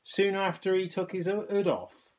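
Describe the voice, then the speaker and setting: A man's voice: high-pitched, steady tone, moderate pace, a little mellow, pitched above the performer's own voice, natural voice. A man voicing an earnest, slightly pompous young boy in hospital, in a children's storybook reading.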